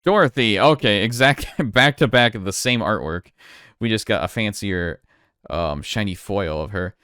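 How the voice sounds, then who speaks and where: A man with a low, smooth voice talks his way through opening trading card packs. He is relaxed and chatty and thinks aloud with small restarts. The sound is dry and close to the mic. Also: moderate pace, no echo. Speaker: card collector streamer. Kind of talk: casual unboxing commentary.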